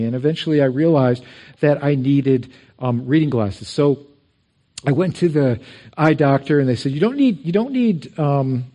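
A middle-aged male pastor delivering a sermon in a church, his voice mellow and a touch higher than most men's. He preaches in a loose, conversational way, weaving in personal stories and circling back over his words. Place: church sanctuary.

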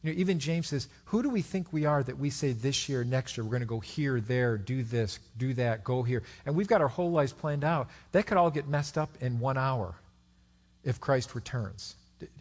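A male pastor preaching a sermon, reading scripture and making animated asides to the congregation. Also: moderate pace. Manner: animated preaching, pitch and volume swinging widely, with asides to the congregation.

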